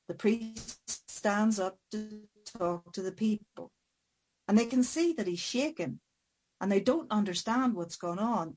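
A woman storyteller spins a folk tale aloud, with a mid-pitched voice. She stretches key moments slowly and rushes through others for drama. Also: a little mellow, husky, low-quality recording. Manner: dramatic, varied pacing. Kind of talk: oral folk tale telling.

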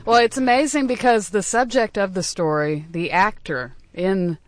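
A woman's voice: mid-range voice, normal speed. A woman hosting a casual chat who thanks and teases her guests. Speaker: host.

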